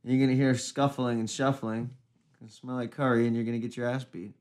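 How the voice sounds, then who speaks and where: A man cracks crude jokes in loose podcast banter, swearing often. His voice sits at an ordinary middle pitch, and he talks in a rambling way that keeps pushing the laughs. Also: flat delivery, fast, a little mellow. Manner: profane, jokey, slips into mock voices.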